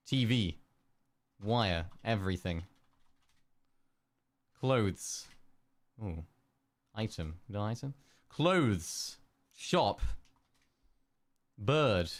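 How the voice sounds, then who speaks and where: Slow low-voiced streamer. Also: male voice, lively intonation, dry recording. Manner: mutters single-word guesses. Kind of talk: live-stream word-guessing chat. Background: keyboard clicks and typing.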